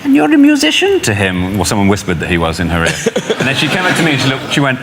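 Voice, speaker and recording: Man telling an anecdote, chatty and lively; noisy recording. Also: on the low side, fast talker. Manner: chatty, laughing storyteller. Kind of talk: casual anecdote. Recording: clear background noise.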